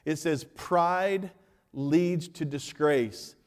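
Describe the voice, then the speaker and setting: A man preaching in a church sanctuary, his voice sitting a touch high for a man. He swings between animated emphasis and hushed, drawn-out points, joking with the congregation as he goes. A long reverb trails behind his words in the large hall. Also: smooth. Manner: jokes with the congregation. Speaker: pastor. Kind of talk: sermon.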